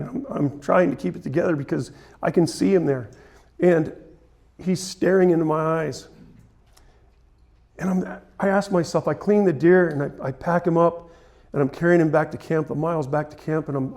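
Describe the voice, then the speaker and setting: A man's voice: on the high side, fairly even intonation, moderate pace, gravelly, darkish tone. A man in his forties, a photographer giving a conference talk, telling personal stories in an earnest, emotional way. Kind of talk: storytelling presentation. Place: conference hall.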